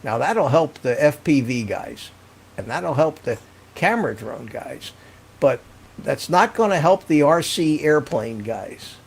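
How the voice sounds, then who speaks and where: An older man with a gravelly, slightly husky voice hosts a casual live stream. He talks in loose, rambling chat, often laughing as he reacts to comments from viewers. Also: a little high, animated, a little slow.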